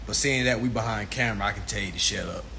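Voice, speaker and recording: Male livestream ranter, preachy and profane, bright tone, faint room hiss. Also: lowish voice, quick pace, gravelly. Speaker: livestream host. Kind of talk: ranting casual livestream monologue. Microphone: phone livestream.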